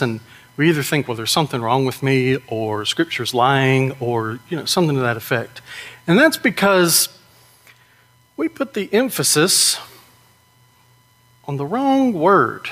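A man preaching a sermon in a conversational way, often asking "right?" and slowing down to stress key points. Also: a little high, sing-song, fairly bright tone. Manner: conversational, with frequent rhetorical "right?".

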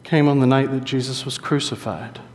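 A man preaching a sermon in a conversational, animated storytelling way. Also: medium pitch, moderate pace. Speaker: pastor. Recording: long hall reverb.

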